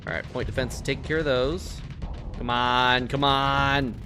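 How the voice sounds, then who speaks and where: A man streaming a space game, talking casually over his play, swearing a lot and getting loudly frustrated. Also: medium pitch, little pitch movement, a little slow, soft background music. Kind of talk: casual live-stream gameplay commentary.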